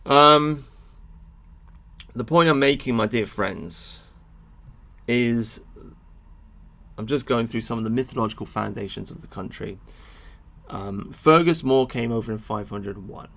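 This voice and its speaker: A man giving an animated, sweary monologue to his viewers about history, with frequent asides. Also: lowish voice, moderate pace, creaky. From England. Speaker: history vlogger. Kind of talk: ranting monologue to camera.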